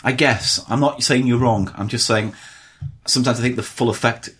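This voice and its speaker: A man co-hosting a podcast, chatting casually with a playful, teasing manner and husky voice. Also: mid-range voice, fairly even intonation, normal speed, fairly bright tone. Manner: playful, teasing, bursts into sung jingles. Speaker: podcast co-host. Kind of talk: casual comedy chat.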